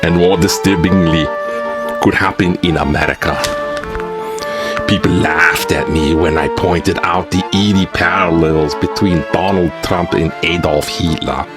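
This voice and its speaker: A man's voice: low voice, fairly even intonation, measured pace. A man hosting a spoof news show, reading newspaper letters aloud and breaking in with wry, mocking asides. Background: music.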